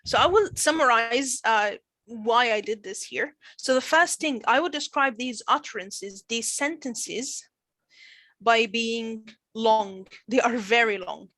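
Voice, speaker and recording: A woman's voice: fairly high pitch, slow, fairly bright tone, no echo, low-quality recording. A woman teacher running an online training session, explaining drilling and modelling example sentences with repeated phrases.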